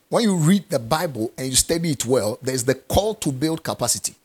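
A man's voice: mid-range voice, expressive, a little fast, hardly any pauses, breathy edge. A man preaching a sermon, stressing key phrases by repeating them and asking his listeners questions.

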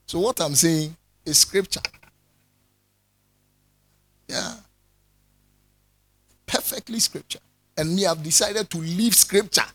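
A man, a pastor preaching a sermon in an animated way, joking with his congregation and calling for their responses. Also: sits high, slow pace, pauses often, slightly rough.

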